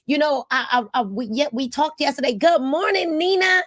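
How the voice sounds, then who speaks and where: A woman's voice: high voice, expressive, normal speed, a bit bright, dry recording, studio quality. A woman, hosting a casual livestream and greeting viewers by name in an upbeat way. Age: 50s. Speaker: host of a livestream.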